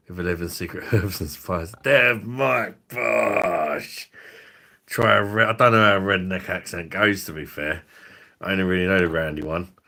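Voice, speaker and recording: A man's voice: low voice, creaky, pushed and bright. A man, hosting a drinks review livestream in a rambling, profane, laughing way. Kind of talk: casual livestream chat.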